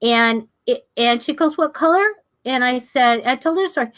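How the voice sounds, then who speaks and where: Older woman, storytelling teacher, chatty, animated quoting, slightly high voice. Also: normal speed. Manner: animated, acts out quoted people with sharp pitch jumps. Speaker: class teacher on manifesting. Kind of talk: casual storytelling to a class.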